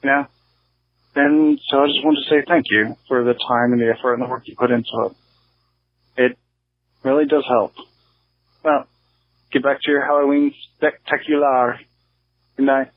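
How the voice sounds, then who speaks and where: A man's voice: medium pitch, steady tone, moderate pace, pauses often. A man from North Carolina calling in to a podcast, earnest and slightly hesitant. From North Carolina, USA. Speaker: caller. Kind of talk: phoned-in voicemail. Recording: tinny phone line.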